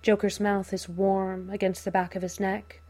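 A woman narrating a fan fiction audiobook in a measured, unhurried storytelling manner. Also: medium pitch, flat delivery, darkish tone.

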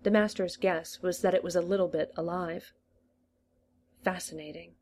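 Woman with a lowish voice reading a story. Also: fairly even intonation, normal speed, mellow. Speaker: reader. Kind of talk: reading fan fiction aloud.

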